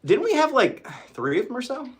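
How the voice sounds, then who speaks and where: A man's voice: extremely high pitch, wildly swooping pitch, fairly quick. A man hosting a casual livestream chat, ranting with lots of swearing and laughing often. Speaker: livestream host.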